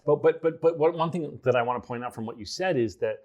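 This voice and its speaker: A man's voice: mid-range voice, fast, darkish tone, dull audio. A man in his forties with a New Jersey accent, talking as a film director guest in a casual interview, often restarting and repeating words. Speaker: filmmaker guest.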